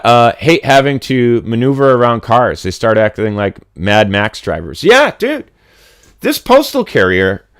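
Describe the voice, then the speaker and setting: On a casual livestream, the host, a middle-aged man from Connecticut, rambles through a blunt, profane rant. He speaks with a fairly low, slightly bright voice, and the studio sound is clean with no room sound.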